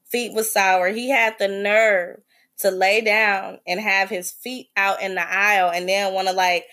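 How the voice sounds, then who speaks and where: Woman w/ ranting about a trip, blunt, lots of cussing, animated storytelling. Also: mid-range voice, measured pace. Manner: blunt, profane, animated retelling. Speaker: podcast host. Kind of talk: casual storytelling.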